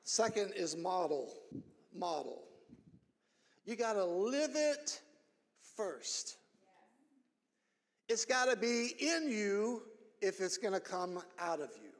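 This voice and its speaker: High-voiced pastor preaching in a reverberant church. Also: male voice. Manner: earnest, repeats phrases, builds to shouted emphasis. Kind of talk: sermon. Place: church sanctuary.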